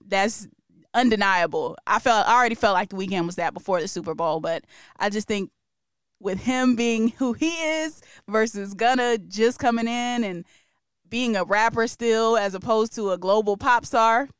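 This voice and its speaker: Podcast lady just chatting, laughs a lot, smooth voice, dry sound. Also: on the high side, normal speed, no room sound. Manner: chatty, laughs often, playful with impressions. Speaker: podcast co-host. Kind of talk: casual chat.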